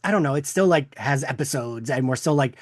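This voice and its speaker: A man's voice: mid-range voice, brisk, no echo, clean studio sound. A man who is a teacher, speaking as a podcast guest in casual chat, hesitant and full of "um" and "like". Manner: hesitant, many "um" and "like".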